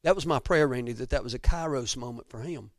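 A middle-aged Georgia man with a Southern accent preaches through stories in an emphatic, folksy style, sometimes dropping to soft near-whispers. His voice is mid-range and his pace quick, recorded cleanly in a studio with no echo.

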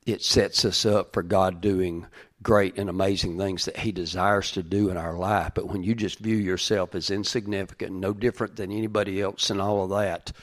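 Middle-aged male pastor, low voice, chatty folksy sermon full of asides and restarts. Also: little pitch movement, moderate pace. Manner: folksy, with side stories and repeated restarts. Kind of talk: conversational sermon.

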